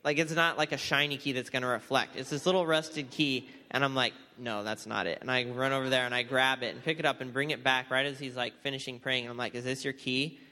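A man's voice: mid-range voice, fast, few pauses. A young man casually telling a mission trip story in a church hall, acting out the dialogue as he goes. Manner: animated storytelling, acts out quoted dialogue. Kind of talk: casual testimony talk. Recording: reverberant hall.

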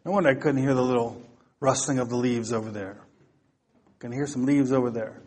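A man's voice: mid-range voice, a little fast, a little mellow. A man preaching a topical sermon, talking casually to his congregation and then reading psalms aloud with rising emphasis.

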